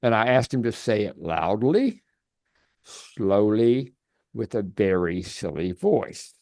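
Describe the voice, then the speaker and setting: Animated male life coach on a video call. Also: lowish voice, slow, no room sound, clean studio sound. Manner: animated storytelling with frequent restarts.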